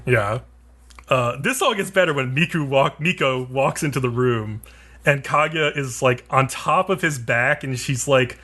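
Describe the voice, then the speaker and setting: Bright-voiced man rambling through an anime recap. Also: medium pitch, a little slow. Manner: rambling, filler-heavy, profane, laughs often. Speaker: podcast co-host. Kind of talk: casual anime recap chat.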